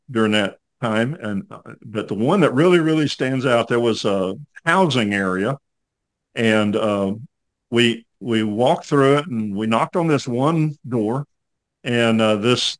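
Folksy older man telling a story. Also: mid-range voice. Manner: folksy, rambling, with many fillers. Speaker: podcast host. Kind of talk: casual storytelling interview.

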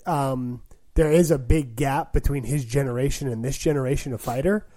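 A man co-hosting a casual sports talk show, reacting quickly and thinking aloud through possible outcomes. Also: medium pitch, mellow. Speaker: podcast co-host.

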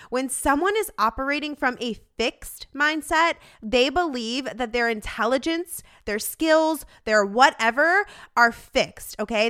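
A woman's voice: on the high side, sharp tone, smooth. A young adult woman hosting a motivational podcast, speaking in a direct, upbeat coaching way to her listeners. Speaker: podcast host.

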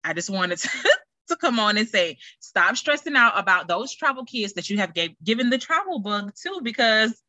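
Bright-voiced chatty woman podcast host. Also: mid-range voice, very animated, moderate pace, no echo. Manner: chatty and rambling, many fillers and restarts. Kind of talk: casual solo podcast chat.

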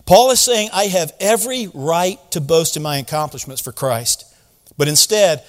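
A man's voice: a little high, normal speed, big-room sound. A man preaching a sermon, teaching through a Bible passage in a conversational way and asking his listeners rhetorical questions. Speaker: pastor.

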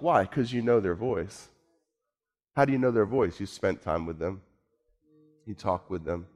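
A man preaching a sermon, moving from low, quiet musing to raised, emphatic points, slowing down and repeating words for emphasis. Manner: repeats himself, speaks slowly for emphasis. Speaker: pastor.

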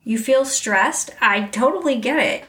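Speaking candidly and reflectively straight to her listener, a middle-aged podcast host delivers a personal monologue in a fairly high, sharp-toned voice with lively intonation and a measured pace. She sounds far from the mic, slightly off axis, in a room with noticeable echo.

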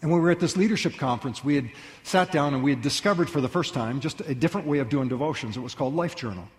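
Male pastor, lively storyteller who acts out voices, recorded in a big echoing sanctuary. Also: a little high, rapid-fire. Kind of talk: sermon. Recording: long reverb of a large hall.

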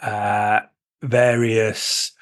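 A man's voice: on the low side, flat delivery, very slow, dry recording, studio quality. A man co-hosting a casual podcast chat, rambling with plenty of fillers and restarts. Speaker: podcast co-host.

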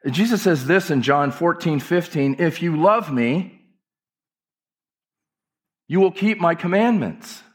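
A man's voice: a little high, lively intonation, slow, long pauses. A male pastor delivering an impassioned, emphatic church sermon with repeated phrases. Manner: impassioned, emphatic preaching with repetitions.

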